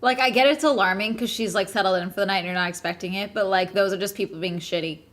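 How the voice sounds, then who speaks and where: A woman's voice: medium pitch, quick pace, a bit bright. A woman hosting a reaction video, blunt and teasing, swearing casually as she comments.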